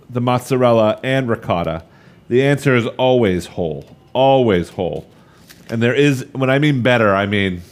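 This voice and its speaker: Chatty man teaching a live cooking class. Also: medium pitch. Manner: upbeat, chatty, addresses viewers directly. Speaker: cooking instructor.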